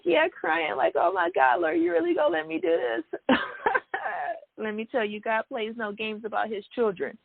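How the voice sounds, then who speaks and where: A woman's voice: mid-range voice, no room sound. Woman, faith vlogger sharing a testimony, emphatic and earnest, thin phone-like sound, dry. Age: adult. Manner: earnest and emphatic, with many "you know" and "right?" asides. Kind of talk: personal testimony to viewers.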